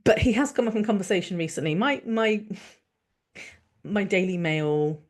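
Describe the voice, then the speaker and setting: A woman's voice: mid-range voice, animated, normal speed. Furious sweary woman ranting. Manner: angry, sweary and sarcastic. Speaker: podcast host. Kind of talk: solo podcast rant.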